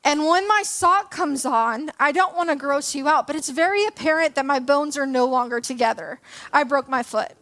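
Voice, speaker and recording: A young woman in her twenties with a high voice speaks to a church congregation. She tells a personal story in a chatty, self-deprecating way, with lots of "um" and "like." She sounds relaxed and conversational, not formal. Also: normal speed. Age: 20s. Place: church hall.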